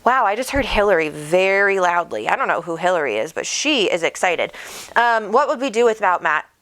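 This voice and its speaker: A woman's voice: medium pitch, very animated, brisk, a bit bright. Bubbly woman chatting on a livestream. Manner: bubbly, chatty, reads out viewer comments. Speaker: psychic medium host. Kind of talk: casual livestream chat. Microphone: desk microphone.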